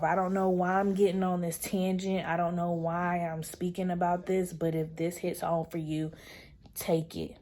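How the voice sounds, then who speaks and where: A young woman with a low, mellow voice talks straight to her camera in an easy, chatty vlog update. She is earnest and open, calls her audience y'all, and now and then drops to a soft whisper for an aside. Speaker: vlogger. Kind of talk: casual chat to camera.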